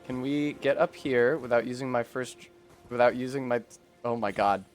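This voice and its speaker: A man with a New England accent streaming a game, joking sarcastically, swearing and sometimes shouting in frustration. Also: mid-range voice, normal speed, faint music behind. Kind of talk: casual gameplay commentary.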